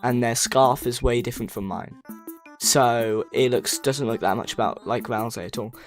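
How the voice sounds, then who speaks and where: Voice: medium pitch, moderate pace, soft background music. Rambling streamer reading chat aloud. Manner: self-correcting, stumbles over words. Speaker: livestreamer. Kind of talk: casual livestream chat.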